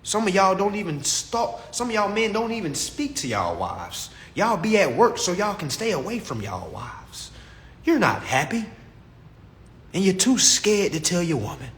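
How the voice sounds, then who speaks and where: A man delivering a comedic rant to camera in an animated, preachy and mocking way. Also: sits high, normal speed. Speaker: vlogger.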